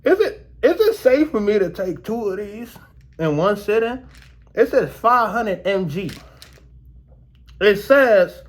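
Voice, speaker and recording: A young man vlogging casually to his viewers about his dental work, slangy and animated, his mouth still sore. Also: high voice, slow, long pauses. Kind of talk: casual storytelling vlog.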